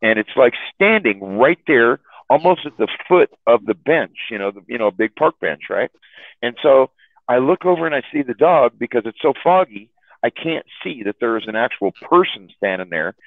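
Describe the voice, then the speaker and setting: A man's voice: medium pitch, lively intonation, normal speed, no echo. A man casually telling long rambling stories to a chat room, stumbling over and repeating his words and laughing often. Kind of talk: casual storytelling. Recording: tinny phone-like line, dry.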